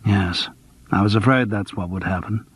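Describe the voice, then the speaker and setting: A man voicing a low-key, rueful actor who dabbles in detection, in an audiobook. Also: moderate pace, slightly rough. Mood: subdued. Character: Charles, subdued male actor-sleuth. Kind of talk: audiobook character voice.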